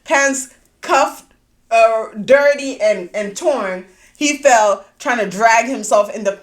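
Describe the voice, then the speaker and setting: A woman hosting a podcast, telling a personal story in casual chat, animated and quick to swear. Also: on the high side, reverberant. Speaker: podcast host.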